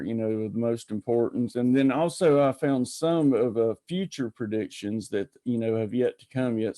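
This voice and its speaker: Mellow-voiced folksy male host. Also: medium pitch, dry recording. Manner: folksy, rambling, greets viewers by name. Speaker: podcast host. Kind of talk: casual live-stream chat.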